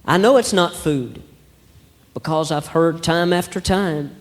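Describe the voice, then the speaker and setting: High-voiced Southern man doing stand-up. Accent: Southern American. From Alabama. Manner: slow folksy drawl, acts out voices in his stories. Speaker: stand-up comedian. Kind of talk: stand-up comedy set. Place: church hall with a live audience. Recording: long hall reverb, faint room noise.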